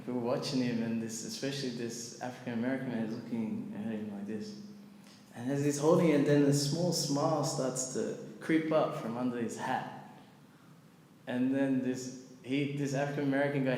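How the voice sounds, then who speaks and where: A man casually telling a story at a scripture class. He is animated, fills his talk with "like" and "you know", and acts out the people in his story. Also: mid-range voice. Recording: echoey hall with long reverb and faint ambient noise.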